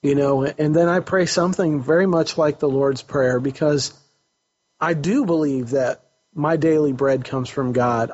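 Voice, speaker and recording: A man's voice: fairly high pitch, a little mellow. A man hosting a casual talk about faith as a counselor, earnest and often restarting his phrases as he searches for words. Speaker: counselor host. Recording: dull lo-fi recording.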